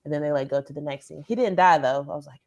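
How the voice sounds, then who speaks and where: Woman, podcast co-host, casual chat, animated storytelling, says "like" a lot, lowish voice. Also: fast talker.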